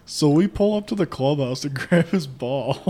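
A man's voice: a little high, lively intonation, a little slow, warm tone, a little hiss or hum. A man co-hosting a casual after-work chat, teasing and joking with his friends.

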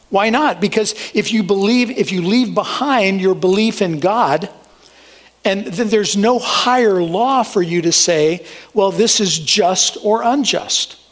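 A man with a high, light voice delivers a sermon. He reads scripture aloud with earnest emphasis. He steers his listeners through their printed outline point by point. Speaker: pastor.

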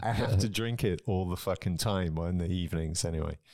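A young man with a fairly low voice co-hosts a comedy podcast. He rants in a loose, casual way, swearing often and telling animated stories. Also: fairly quick, no echo. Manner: profane, ranting, animated storytelling. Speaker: podcast co-host.

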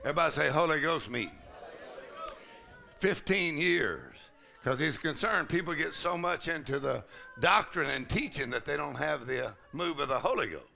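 A middle-aged man preaching a charismatic sermon, breaking into loud laughter and shouts. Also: fairly high pitch, animated, normal speed, vocal fry. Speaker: pastor. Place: large conference hall.

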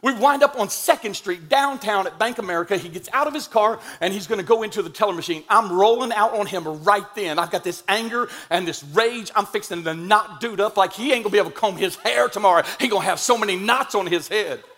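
A middle-aged man preaching a sermon, telling a story from his own life in an animated, humorous and emphatic way. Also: high voice, brisk, hardly any pauses.

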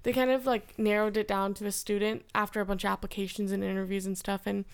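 A woman's voice: medium pitch, little pitch movement, fast talker, smooth. A teenage girl co-hosting a podcast, talking casually and upbeat with many fillers. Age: teens. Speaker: podcast co-host.

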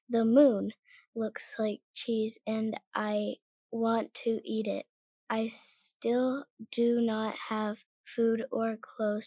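A young girl reading her own made-up adventure story aloud, in an earnest, halting way. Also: fairly high pitch, a little mellow, slightly rough, no room sound.

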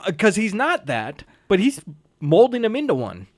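A man co-hosting a podcast, chatting casually about a film and acting out scenes in quick bursts. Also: high voice, huge pitch swings, no echo, studio quality. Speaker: podcast co-host. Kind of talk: casual chat reviewing a film.

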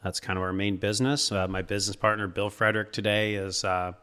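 A man's voice: fairly low pitch, steady tone, fast talker, sharp tone, clean tone. A man in his thirties from Iowa, a seed company co-founder chatting easily as a podcast guest. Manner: easygoing, rambling with fillers. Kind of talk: casual podcast interview.

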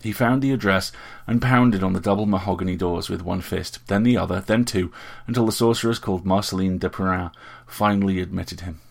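A man narrating an audiobook story in a measured, even way. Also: sits low, creaky.

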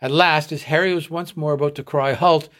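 A man from a readers' theatre reading a short story aloud in a measured storytelling voice. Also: fairly high pitch, steady tone, fairly bright tone.

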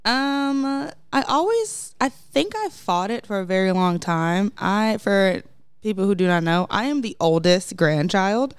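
A woman's voice: medium pitch, big pitch swings, a little slow, smooth, no echo. A young woman, a teacher, guesting on a family podcast, sassy and sarcastic yet earnest. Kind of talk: casual family podcast chat.

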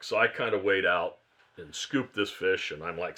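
Podcast guest, male, low voice with a bright edge, rambling storyteller. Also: unhurried. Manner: rambling storyteller, self-correcting. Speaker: guest, fly shop owner.

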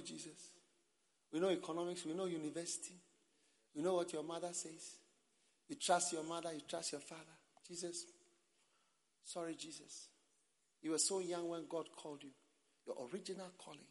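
A man preaching a slow, emotional sermon at a camp meeting, breaking into cries and laughter. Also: a little high. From Ghana. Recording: long hall reverb.

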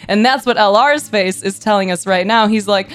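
A woman's voice: medium pitch, normal speed. A woman coaching someone over a video call, emphatic and emotional, swearing freely as she talks. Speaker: life coach.

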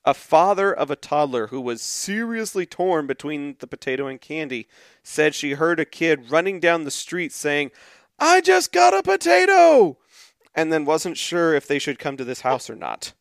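A man co-hosting a podcast in a casual chat, reading out tweets and acting out the quoted kids loudly, laughing often. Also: fairly high pitch, normal speed, no room sound, clean studio sound. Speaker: podcast co-host.

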